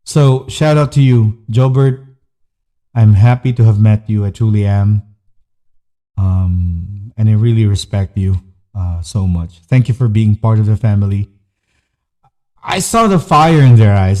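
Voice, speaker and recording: Man with a very dark, mellow voice. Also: medium pitch. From Philippines. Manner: earnest, candid, speaks in short listed phrases. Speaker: podcast host. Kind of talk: personal storytelling monologue.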